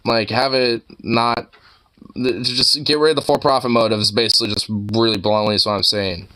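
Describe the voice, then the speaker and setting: Bright-toned man rambling profanely. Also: mid-range voice, fairly even intonation, normal speed. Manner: profane, rambling, full of fillers and restarts. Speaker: streamer browsing online posts. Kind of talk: casual rambling commentary.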